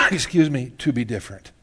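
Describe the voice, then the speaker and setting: A man's voice: medium pitch, a bit bright, slightly rough. A middle-aged male pastor giving a casual, joking sermon, laughing often and tagging "man" onto his sentences.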